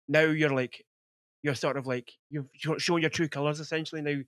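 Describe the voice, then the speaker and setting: Guy in his 40s rambling on a podcast, kinda high voice, dry close sound. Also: fairly even intonation, fairly quick, a bit bright, no echo. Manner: rambling, heavy on filler words. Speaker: podcast host. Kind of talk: casual film chat.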